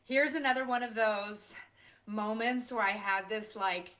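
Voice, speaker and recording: A woman's voice: mid-range voice, unhurried, a bit bright. A woman hosting her own live stream, talking off the cuff in an impassioned, rambling way with lots of emphatic repetition. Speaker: host of a motivational live stream. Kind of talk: unscripted live stream monologue.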